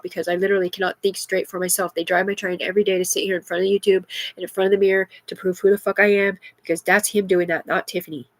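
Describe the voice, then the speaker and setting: A woman's voice: medium pitch, no room sound. A middle-aged woman in an agitated, rambling livestream monologue, heavy with profanity.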